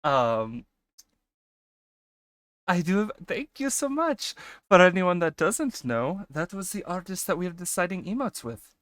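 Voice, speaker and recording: Speaking in the put-on character voice of his streaming persona, a man chats casually, laughs a lot, and swears without holding back. His high voice swings widely in pitch and sounds a bit bright, with an unhurried delivery and long pauses. The studio-quality recording has no room sound.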